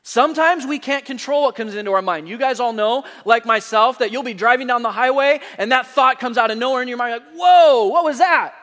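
A man preaching a sermon as a pastor, telling lively stories and rising to shouts. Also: very high voice, brisk, hardly any pauses, long reverb tail.

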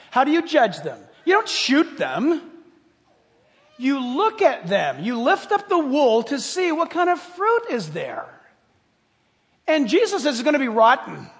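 A man's voice: extremely high pitch, unhurried, big-room sound. A male pastor preaching a sermon, talking straight to his congregation with humorous asides. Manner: animated, addresses congregation directly, humorous asides.

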